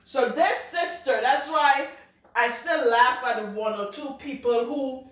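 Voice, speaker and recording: A woman with a Trinidadian accent, a loctician talking casually to camera, blunt and outspoken, cussing freely and laughing loudly. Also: sits high, measured pace, far from the mic. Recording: very echoey room, off-mic.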